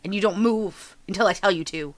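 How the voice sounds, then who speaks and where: A woman's voice: medium pitch, brisk, close to an everyday voice. A woman doing a stern, scolding farm mother. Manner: scolding, firm, clipped.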